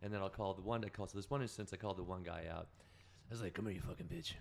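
A man's voice: sits low, very fast, creaky, a little mellow. A man telling stories as a podcast guest in casual chat, rambling, profane and correcting himself as he goes.

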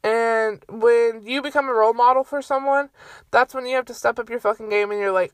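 A young adult woman rants on her own podcast from a bedroom at home, her voice on the high side with a steady, clean tone, a little fast. There is no room sound, and her casual monologue comes across heated, profane, and exasperated.

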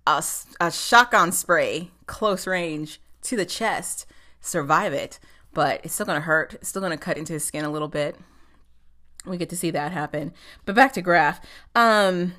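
A woman casually recapping a TV episode in a chatty, animated way, swearing and laughing often. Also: on the low side. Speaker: show recapper.

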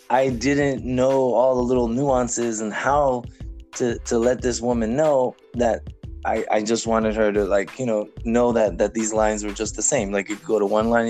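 A man's voice: mid-range voice, darkish tone. A Cuban American man telling stories as a podcast guest, rambling with many fillers and restarts and chuckling often. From United States, Cuban American. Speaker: podcast guest, language learner. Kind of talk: casual conversational storytelling.

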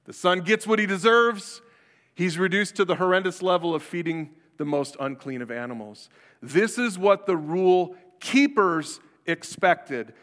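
Pastor, male, slightly higher voice, chatty sermon delivery, long hall echo. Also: fairly bright tone. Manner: conversational preaching that acts out quoted voices.

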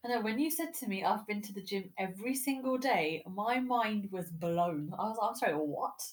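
A woman's voice: medium pitch, normal speed. Friendly woman hosting a podcast. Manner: conversational, agreeing, laughs easily. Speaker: podcast host. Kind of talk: casual interview chat.

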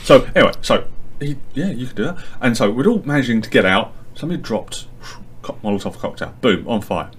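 A man telling a lively anecdote as a podcast guest, acting out his friends' lines. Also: mid-range voice, fairly quick, slightly rough. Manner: animated storyteller, acts out friends' lines.

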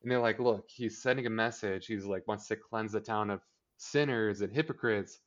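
Podcast co-host, male, lowish voice, chatty and sarcastic, dull lo-fi sound. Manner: chatty, sarcastic, acts out characters' lines in quick impressions. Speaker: podcast co-host recapping a TV episode. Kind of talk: casual chat.

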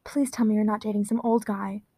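A woman's voice: mid-range voice, little pitch movement, a little fast, creaky, dark tone, no echo. A woman reading a blunt, nosy teenage girl. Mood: prodding.

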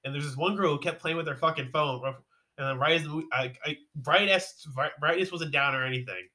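Fast-talking young man, bright voice. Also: a little high. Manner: quick, filler-heavy casual talk. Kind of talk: casual chat.

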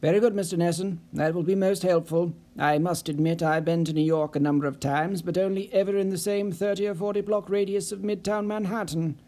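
A man's voice: high-pitched, steady tone, a little fast, hardly any pauses, mellow. A man voicing a stern, commanding investigator. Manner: clipped, cold and authoritative. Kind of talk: audiobook character voice.

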